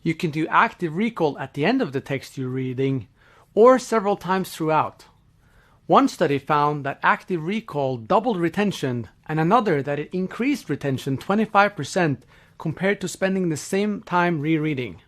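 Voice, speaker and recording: A man narrates a learning lesson in a scripted, explanatory way. His voice sits somewhat high for a man. He keeps an even, informative delivery. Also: moderate pace.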